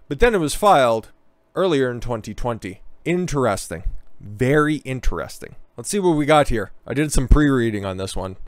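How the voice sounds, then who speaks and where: A man's voice: fairly high pitch, no room sound. A man giving sarcastic, exasperated commentary, swearing often and mocking what he reads out.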